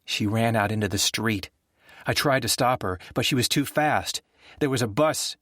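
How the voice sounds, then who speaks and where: A man's voice: mid-range voice, normal speed, fairly bright tone, no echo, clean studio sound, lightly acted. A male narrator voicing a grieving adult man who lashes out at his brother in bitter, accusing outbursts. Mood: shaken. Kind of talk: audiobook character voice.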